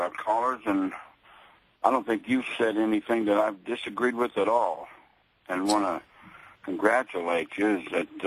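Man, radio caller, low voice, hesitant, friendly, phone line. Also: fairly bright tone, dry recording. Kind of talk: phoning in to talk radio.

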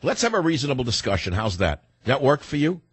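A man's voice: mid-range voice, very animated, quick pace, slightly rough, no echo. A man hosting a talk radio show, firing off sarcastic rhetorical questions in a combative monologue and taking calls.

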